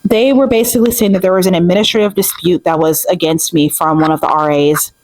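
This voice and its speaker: A young woman in her twenties recounts events in a casual, emphatic vlog manner. Her voice sits on the low side and the sound is dry and close. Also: quick pace, no echo, poor audio. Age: 20s. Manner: animated, emphatic, with many fillers. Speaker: vlogger. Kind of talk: casual storytime.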